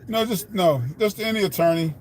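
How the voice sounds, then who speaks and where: A man's voice: high voice, fairly quick. A man with a Texan accent chatting casually on a live stream, answering viewers in an earnest, rambling way and repeating himself. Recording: heavy vehicle and traffic noise.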